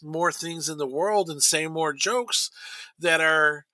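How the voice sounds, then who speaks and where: A man in his forties talks loosely on a podcast, with a very bright, edgy tone that sits a little high for a man. He rambles along, full of fillers and restarts. The sound is dry and close. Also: slow pace, no echo. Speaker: podcast co-host. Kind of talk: casual chat.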